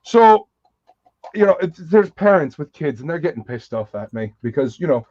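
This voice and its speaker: A man's voice: on the high side, sing-song, moderate pace, a little mellow. A man hosting a casual live chat, telling rambling, profane stories and laughing often. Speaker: host. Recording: dull, dry lo-fi sound.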